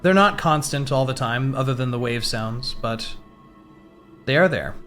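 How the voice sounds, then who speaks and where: Slow, halting male game master. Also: mid-range voice, animated, fairly bright tone, soft background music. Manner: halting, thoughtful narration. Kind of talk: narrating a tabletop game.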